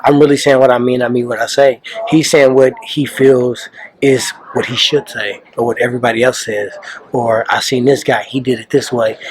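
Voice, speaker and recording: Laid-back man at a press scrum. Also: mid-range voice. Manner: calm, laid-back, slangy. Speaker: fighter. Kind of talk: casual press interview. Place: press conference.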